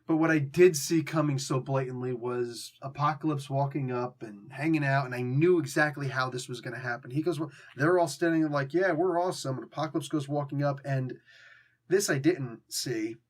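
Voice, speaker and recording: A man's voice: medium pitch, moderate pace. A man hosting a casual spoken review, rambling and frank, often correcting himself with a joking edge. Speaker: comic book reviewer and host.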